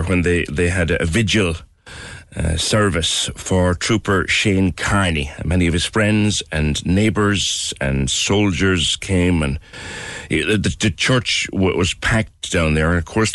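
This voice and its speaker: A man's voice: sits low, measured pace, a bit bright, dry recording. A man with a Cork accent hosting a local radio talk show, chatting about news and callers. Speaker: radio host.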